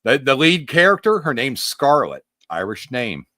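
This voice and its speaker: A man's voice: mid-range voice, sing-song, moderate pace, sharp tone, dry recording, studio quality. A man on a podcast, explaining puzzle clues in emphatic, rambling casual chat with the odd mild curse. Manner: emphatic, rambling, mildly profane. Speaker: podcast co-host.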